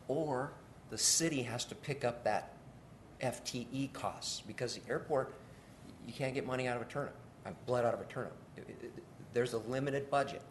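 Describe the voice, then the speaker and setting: A man, an airport official, giving halting testimony full of restarts at a city committee meeting in a council chamber. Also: mid-range voice, a little hiss or hum. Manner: halting, with many restarts and repeated words.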